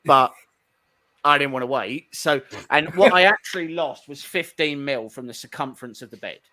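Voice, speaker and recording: A man co-hosting a casual live-stream chat, an animated storyteller who restarts his sentences often. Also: a little high, normal speed, a crowd in the background.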